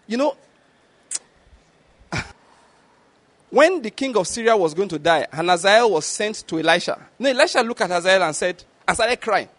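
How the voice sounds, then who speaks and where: A middle-aged man with a high voice preaches a sermon. He talks in an animated way, keeps checking that the listeners follow him, and acts out the quotes he tells. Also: moderate pace, pauses often. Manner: animated preaching with rhetorical questions and acted-out quotes.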